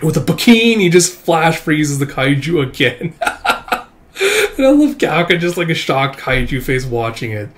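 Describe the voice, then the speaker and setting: A man's voice: on the high side, moderate pace. A man hosting his own channel, talking casually through a comic chapter with lots of "uh" fillers and easy chuckles. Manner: relaxed, many "uh" fillers, chuckles often. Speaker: manga reaction channel host. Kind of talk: casual read-through commentary.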